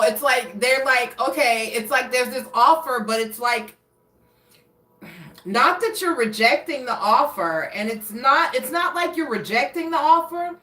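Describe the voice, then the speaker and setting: Tarot reader, female, higher voice, rambling searching delivery, roomy echo, off-mic. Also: bright, forceful tone. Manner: rambling, searching for words, frequent restarts. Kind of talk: casual tarot reading monologue. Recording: echoey room, voice a bit far from mic.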